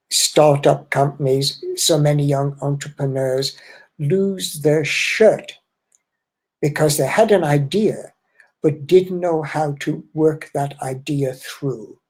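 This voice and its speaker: A man's voice: a little high, a little mellow. A man answering audience questions in a webinar as an import-export trainer, explaining with emphasis and correcting himself.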